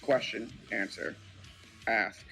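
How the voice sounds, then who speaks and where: A man doing a cold, gravelly blood collector. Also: fairly low pitch, takes it slowly, soft background music, voice pushed down, full character voice, rough recording. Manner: curt, flat, threatening.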